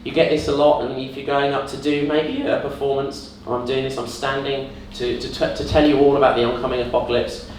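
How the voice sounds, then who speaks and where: A young man doing an awkward, deadpan in-character stand-up set, with faltering delivery and sudden squeaky put-on voices. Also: a little fast, hardly any pauses. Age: young adult. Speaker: student stand-up comedian. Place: student comedy club stage with audience. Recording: very echoey room, distant mic, noisy. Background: audience laughter and room ambience.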